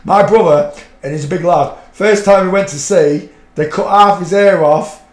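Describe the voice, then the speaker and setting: A middle-aged man tells loose, colloquial anecdotes as a livestream host. His voice sits slightly high for a man. The room around him adds a noticeable echo. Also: moderate pace. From a fishing town. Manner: rambling, colloquial anecdote-teller. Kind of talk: casual storytelling chat. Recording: roomy echo.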